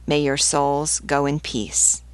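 A woman's voice: low-pitched, fairly even intonation, takes it slowly, clear, resonant tone, dry recording. A woman reading the lines of a solemn male priest giving absolution. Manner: solemn, prayerful.

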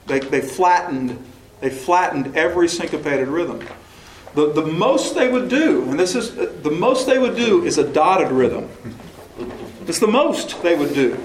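A man's voice: fairly high pitch, animated, measured pace, a little hiss or hum. A man leading a choral workshop session, explaining and asking questions, now and then singing a short phrase to demonstrate. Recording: echoey room recording.

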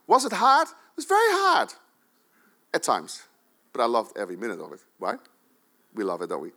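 A man preaching a sermon to his congregation in a church, urging them on with sudden emphatic bursts. His fairly high voice drops to quiet, personal asides in between. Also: huge pitch swings, brisk. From Netherlands. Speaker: pastor.

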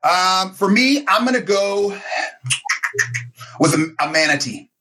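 A middle-aged man co-hosting a casual chat, telling a story in an animated, self-mocking way and acting out the quotes. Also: sits high, slow, slight background noise. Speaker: podcast co-host.

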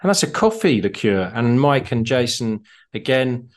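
A man's voice: mid-range voice, big pitch swings, normal speed. A man co-hosting a drinks podcast, talking casually and enthusiastically with frequent fillers and restarts. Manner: chatty, enthusiastic, lots of fillers. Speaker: podcast co-host.

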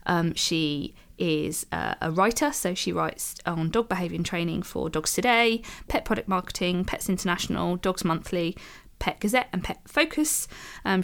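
A woman's voice: fairly low pitch, fairly bright tone. A woman co-hosting a podcast, chatting casually and reading an introduction aloud in a careful, slightly posh reading voice with frequent ums. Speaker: podcast co-host. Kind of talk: casual chat and read-out introduction.

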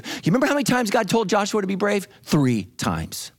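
Pastor guy preaching, kinda high voice, really animated, punches every line. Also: a little fast, hardly any pauses. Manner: preaching with rising intensity, dramatic emphasis. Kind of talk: sermon.

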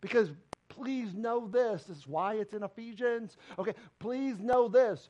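A man's voice: high voice, expressive, measured pace, darkish tone, highs cut off. A man preaching a sermon as pastor, emphatic and full of direct questions to the congregation. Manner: emphatic, preaching with rising and falling intensity.

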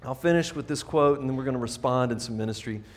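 In a church sanctuary, a middle-aged pastor preaches a sermon in a medium-pitched voice at a quick pace. He's earnest and conversational with the congregation, often restarting his sentences.

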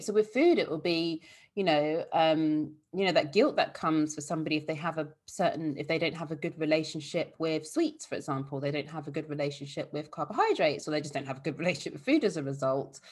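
In an interview, a woman who treats eating disorders explains things in a warm, casual way, sprinkling in fillers like "like" and "you know." Her voice is deep and slightly rough.

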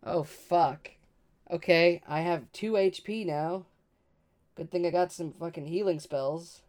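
Foul-mouthed, excitable tabletop player. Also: mid-range voice, measured pace. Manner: excitable, swears a lot, thinks aloud. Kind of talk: casual tabletop game play.

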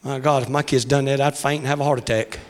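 A man preaching a revival sermon, shouting in a sing-song cadence, his voice wearing out. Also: mid-range voice, steady tone, fast talker.

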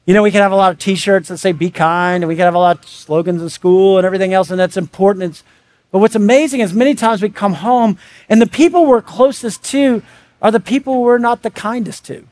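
A man preaching a sermon as pastor, conversational and animated, with quick asides and acted-out everyday quotes. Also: high-pitched.

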